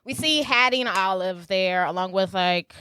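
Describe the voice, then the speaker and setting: A woman's voice: mid-range voice, normal speed, clear, resonant tone. A woman co-hosting a podcast, chatting casually about a movie with lots of fillers. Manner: chatty, filler-heavy, lively. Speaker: podcast co-host. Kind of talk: casual movie recap chat.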